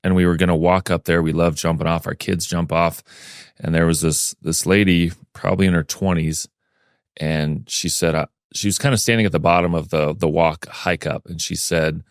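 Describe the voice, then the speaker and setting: A man as a podcast guest, telling a personal story in a lively way and acting out the things people said. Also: sits low, normal speed, dry recording, clean studio sound. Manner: lively storyteller who acts out remembered dialogue.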